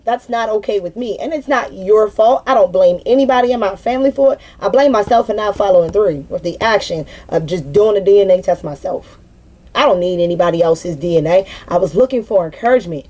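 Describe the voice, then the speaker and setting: A woman's voice: on the high side, a little mellow. A young woman venting in an unscripted spiritual monologue, blunt and profane, preaching with repeated emphatic phrases. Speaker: spiritual vlogger.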